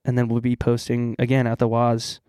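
A young man chats casually as a podcast co-host, quick with a joke. His voice sits at an ordinary middle pitch. The sound is dry and close. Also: completely flat delivery, dark tone, clear, resonant tone, no echo. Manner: jokey, playful mock meditation. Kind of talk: casual chat.

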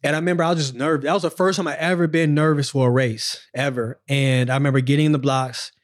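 A man in his forties, a former sprinter, telling his story in a casual podcast chat, slangy and animated, acting out the moments. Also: a little high, quick pace.

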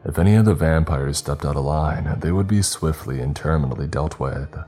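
Very deep, dark-voiced horror narrator. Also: male voice, soft background music. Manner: slow, grave, measured storytelling.

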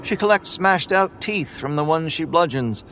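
A man's voice: a little high, expressive, normal speed, a bit bright, soft background music. Grim weary man narrating horror. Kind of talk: first-person horror narration.

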